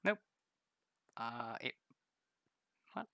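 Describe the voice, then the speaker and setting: Rambling gravelly young guy. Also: medium pitch, sing-song, extremely slow, bright, forceful tone, no echo. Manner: rambling, stammering, laughs often, swears casually. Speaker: gaming streamer. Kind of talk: casual gameplay chat with viewers.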